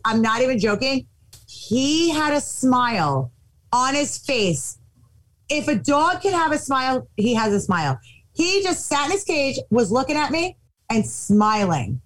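Lively high-voiced woman telling a story. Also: poor audio. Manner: animated, acts out quotes. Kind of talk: casual anecdote.

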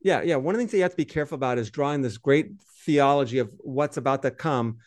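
A man leads a casual Bible study, unpacking Greek words as he goes. His voice sits at an ordinary middle pitch and sounds close and dry. His delivery is relaxed and teacherly, with loose restarts and fillers. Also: fast, no echo. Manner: explanatory, translates Greek on the fly, loose fillers. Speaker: podcast co-host, Bible teacher.

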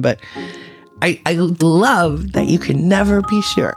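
A woman's voice: on the low side, slow, slightly rough, no room sound. A woman talking casually as a guest and telling stories with lots of "like" fillers. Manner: chatty, many "like" fillers, animated storytelling. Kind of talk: casual conversation.

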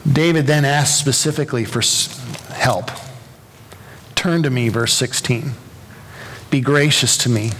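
A man's voice: mid-range voice, measured pace, pauses often, fairly bright tone, slight background noise. A pastor preaching a sermon, earnest and building to impassioned emphasis, often repeating words as he presses a point. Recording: long reverb of a large hall.

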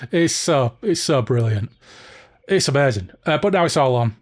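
A man hosting a casual book discussion podcast, animated and jokey, swearing freely. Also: medium pitch, moderate pace. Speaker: podcast host.

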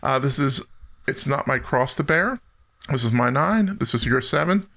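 A man hosts a casual music podcast with a gravelly, bright voice. He runs the song countdown and cracks jokes at his own expense. His pitch sits in an ordinary middle range. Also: lively intonation, normal speed. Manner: jokey, self-deprecating, runs the countdown. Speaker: podcast host. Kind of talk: casual music-talk chat.

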